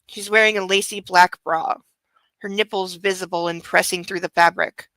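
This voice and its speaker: A smug young billionaire lover narrates his own craving in a crisp, bright voice, as a woman reads him from a novel. He leans into his words with breathy, drawn-out emphasis. The sound is close and dry. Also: lowish voice, steady tone, dry recording, low-quality recording. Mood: brooding. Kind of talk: dramatic reading of a novel.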